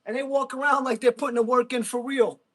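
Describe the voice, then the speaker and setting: A man's voice: very high-pitched, little pitch movement, fast, sharp tone. A man hosting a casual livestream, blunt and mocking, laughing often as he reads chat. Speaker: livestream host reading chat. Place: gym.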